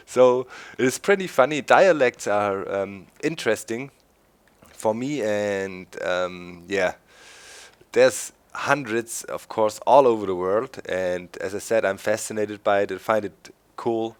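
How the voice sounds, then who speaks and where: A man's voice: lowish voice, slow pace, clear, resonant tone. A man from Swabia with a German accent, chatting casually as host of a gameplay video, laughing often. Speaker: let's play host.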